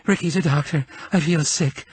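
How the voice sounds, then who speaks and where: A man reading aloud and voicing a frail, panicked woman with a high, crying, pleading voice. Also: moderate pace, husky, no room sound. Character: frail panicked woman, snake-bite victim.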